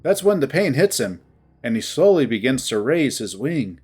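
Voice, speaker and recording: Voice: medium pitch, sing-song, moderate pace, a little mellow, slightly rough, faint music behind. A narrator giving a dramatic first-person reading of a visual novel.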